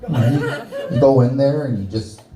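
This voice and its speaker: A man's voice: medium pitch, measured pace, echoey room, poor audio. A Canadian man doing a stand-up set in a small bar, teasing the audience with crude jokes. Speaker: stand-up comedian. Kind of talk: stand-up set with crowd work.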